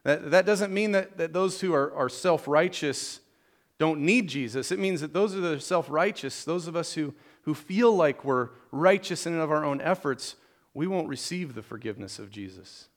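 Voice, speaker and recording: A man's voice: fairly high pitch, animated, normal speed. A man preaching a conversational sermon to a congregation, informal and joking, often restarting and repeating words.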